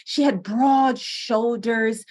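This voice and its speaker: A woman from Pennsylvania, USA, appears as a guest in a podcast interview, recorded on a studio microphone. She tells stories in an animated, earnest way, laughing often, with a slightly high voice and drawn-out words.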